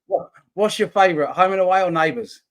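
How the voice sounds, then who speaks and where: A man co-hosting a laid-back football chat show with a bright, forward voice pitched a little high. He jokes and teases in a matey way. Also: fast. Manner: joking banter, matey. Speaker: co-host.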